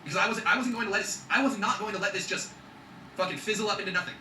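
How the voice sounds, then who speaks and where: A man's voice: sits high, very fast, bright, forceful tone, echoey room, distant mic, a little hiss or hum, low-quality recording. A man talking in an emphatic motivational vlog, swearing freely and checking in with his viewers. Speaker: vlogger.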